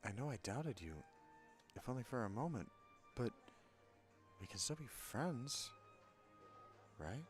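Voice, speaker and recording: A man voicing a young male treasure hunter from a video game in a put-on Southern US accent, soft and pleading. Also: mid-range voice, lively intonation, a little slow, long pauses, soft background music, voice pushed up, natural voice.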